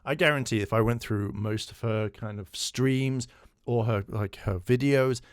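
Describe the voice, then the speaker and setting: A man's voice: medium pitch, a little slow, no room sound. Man, reaction commentary, blunt, swearing, scornful, dry close sound. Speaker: commentary host.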